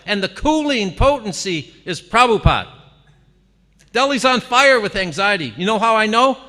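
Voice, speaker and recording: Speaking to a gathering at a moderate pace, a man with a fairly high, bright, forceful voice gives an animated devotional talk. Lively exclamations and easy laughter fill it, and a long reverb carries his words through a temple hall.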